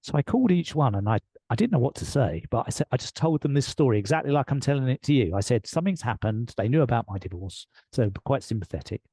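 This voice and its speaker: A man with an English accent, a guest on a podcast, telling his story in an earnest, reflective way with soft laughs. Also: medium pitch, sing-song, fast talker, hardly any pauses, breathy edge, no echo. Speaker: podcast guest, leadership coach. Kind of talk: conversational storytelling.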